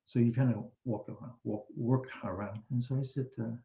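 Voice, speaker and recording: A man teaching a meditation class, gently guiding breathing and posture exercises with slow, drawn-out commands, then telling a chatty story. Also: medium pitch, steady tone, gravelly. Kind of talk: guided exercise and anecdote in a class.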